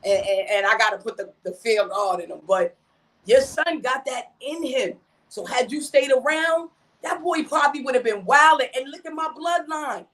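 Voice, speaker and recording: High-voiced, animated slangy woman. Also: moderate pace. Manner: slangy, repeats "you know what I mean"; animated, emphatic storytelling. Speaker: mother and podcast guest. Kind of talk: casual podcast chat.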